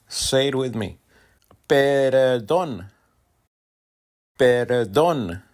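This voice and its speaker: A man from Mexico giving a language lesson, with slow and deliberate delivery and a rising lilt on the example phrases. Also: mid-range voice. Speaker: Spanish teacher.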